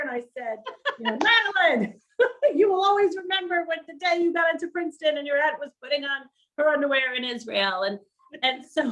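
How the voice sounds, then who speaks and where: A middle-aged woman telling her story as an interview guest, animated and laughing often as she acts out quoted voices. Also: on the high side, rough recording. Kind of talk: storytelling on a livestream.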